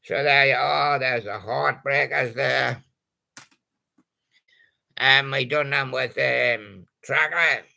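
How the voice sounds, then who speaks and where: A male host with a very gravelly, heavily creaky voice that is also strikingly bright and forceful. He takes his time, drawling through jokey puns on old song titles. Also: medium pitch, takes it slowly, pauses often. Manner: punning, jokey, chuckles at his own gags. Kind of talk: playful patter about old song titles.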